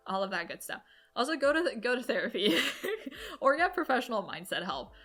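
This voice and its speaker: Upbeat and chatty, this twenty-something entrepreneur vlogger offers casual business advice to camera, tossing in quick asides. Her medium voice is fairly bright with lively intonation, and faint music plays behind her.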